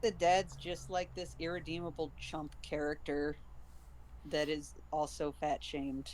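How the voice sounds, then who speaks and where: A man's voice: fairly high pitch, little pitch movement, unhurried, a little hiss or hum, poor audio. A man streaming live, chattily retelling a book's plot in a loose, amused way. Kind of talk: casual chat recapping a book.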